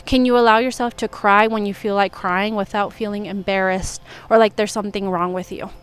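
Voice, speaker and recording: A woman's voice: mid-range voice, clean tone. A young adult woman talking earnestly and casually to camera about self-love, with many "like" fillers. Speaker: self-help vlogger. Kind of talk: casual reflective monologue.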